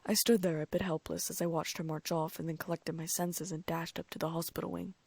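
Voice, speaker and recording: A woman's voice: fairly low pitch, little pitch movement, fairly quick, vocal fry, a little mellow, husky, dry recording. A woman reading a fan-fiction audiobook aloud in first-person narration. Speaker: audiobook reader.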